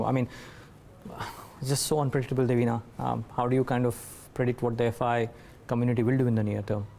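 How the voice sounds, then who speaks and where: A male co-anchor with an Indian English accent chats about markets at an ordinary pitch. He sounds casual and a little searching, with faint noise behind him. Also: a little mellow. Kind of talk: live news discussion.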